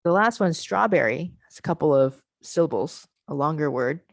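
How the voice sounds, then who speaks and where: A woman with a notably low voice leads an online teaching workshop over a video call. She explains patiently, breaking words into parts and sounding each one out slowly. The sound is dry and close, with no room around it. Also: lively intonation, vocal fry, dry recording. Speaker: workshop presenter.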